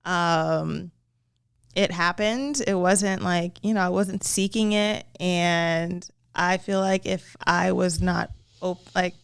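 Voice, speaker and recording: A woman co-hosts a casual podcast, her voice smooth and clear. She speaks in a relaxed, reflective way, recorded close and dry with no room sound. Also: fairly low pitch, takes it slowly, no room sound. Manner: relaxed, reflective, uses fillers like 'like'. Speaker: podcast co-host. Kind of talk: casual chat.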